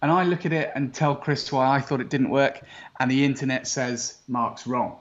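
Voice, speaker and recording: A man's voice: mid-range voice, fairly quick, dull audio. A man hosting a casual chat, jovial and teasing, laughing often. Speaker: host.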